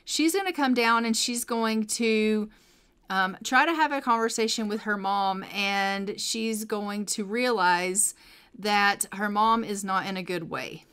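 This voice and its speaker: A woman tells the story of her game playthrough in a relaxed, chatty way, dropping fillers as she goes. Her voice is bright and forceful, with an ordinary middle pitch. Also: measured pace, smooth. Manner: casual, with fillers. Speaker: game narrator. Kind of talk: chatty let's play storytelling.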